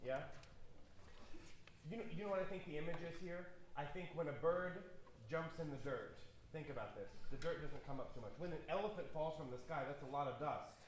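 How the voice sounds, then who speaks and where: A man's voice: fairly high pitch, a little fast, slight background noise. A man conducting an orchestra rehearsal, playfully joking with the players while he counts bars aloud and scat-sings the rhythms. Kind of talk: rehearsal instruction. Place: rehearsal hall. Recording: echoey hall with orchestra playing.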